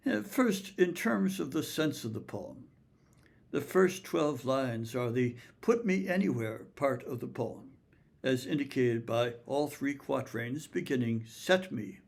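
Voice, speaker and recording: Slow, gravelly-voiced man lecturing on poetry. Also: medium pitch. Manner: slow, measured reading of verse. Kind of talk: recorded literature talk with poetry readings.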